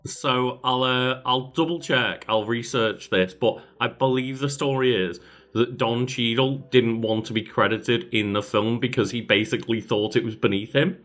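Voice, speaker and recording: A man's voice: mid-range voice, fairly even intonation, normal speed, fairly bright tone. Guy hosting a podcast, chatty and amused, laughs a lot, casual talk. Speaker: podcast host. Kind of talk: casual chat.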